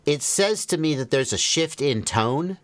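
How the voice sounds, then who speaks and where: A man's voice: fairly high pitch, animated, a little slow, dry recording. Dry-voiced man musing on a livestream. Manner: wry, thinking aloud, reads out phrases then comments. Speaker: livestream host. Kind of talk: casual commentary reading a document aloud.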